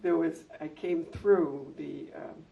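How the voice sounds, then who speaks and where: At a public event, an elderly former school head reminisces slowly, his heartfelt tales livening up when he performs an anecdote. He has a gravelly, somewhat high voice. Captured from afar, the audio is dull, with faint room noise and a low background hum.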